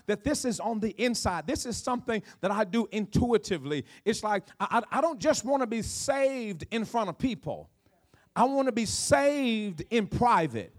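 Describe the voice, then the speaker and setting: A man preaching a sermon to his congregation, repeating phrases and calling out praise between points. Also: sits high. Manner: preaching with call-outs and repetitions. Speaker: pastor.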